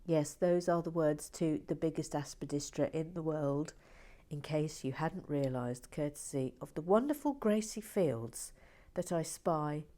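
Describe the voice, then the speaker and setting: A woman chats casually as she builds, taking her time over every word in a lowish voice. She is playful and teasing, and often slips into soft whispered asides. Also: animated, unhurried. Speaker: LEGO building vlogger. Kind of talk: casual chat while building and reading comments.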